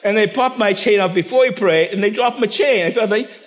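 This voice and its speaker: An older man, preaching a storytelling sermon that swings from loud, laughing anecdotes to hushed intensity. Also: high-pitched, fairly quick.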